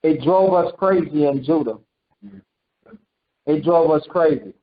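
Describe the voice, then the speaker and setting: A man with a notably high voice teaches scripture in a loose, conversational sermon, tossing questions to his listeners and slipping into quoted voices. The recording is dull and lo-fi. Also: unhurried. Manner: animated, quizzes listeners and acts out quotes. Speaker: preacher teaching a congregation.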